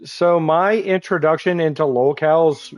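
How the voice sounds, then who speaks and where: A man's voice: a little high, unhurried, low-quality recording. A young man in casual chat while streaming a game, rambling, crude and laughing often. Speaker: gaming streamer.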